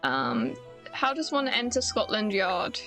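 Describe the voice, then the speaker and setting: A woman's voice: mid-range voice, big pitch swings, measured pace, fairly bright tone, faint music behind. A British woman streaming a game, rambling and self-mocking as she chats with viewers. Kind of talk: casual gameplay commentary.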